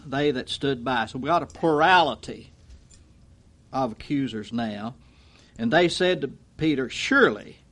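A man preaches an expository sermon in a folksy style, acting out the quotes he cites. His volume swings from loud to low.

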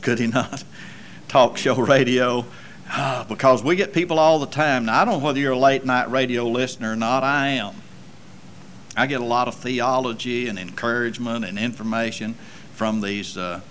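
A man preaching a sermon, swinging between loud emphatic passages and low, quiet asides. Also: slight background noise. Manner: slow deliberate delivery with folksy asides.

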